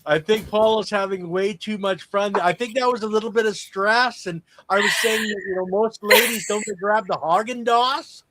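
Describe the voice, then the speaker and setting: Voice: medium pitch, normal speed, hardly any pauses, background noise. A person chiming in on a casual talk show with a joke. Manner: joking, chiming in. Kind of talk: casual chat.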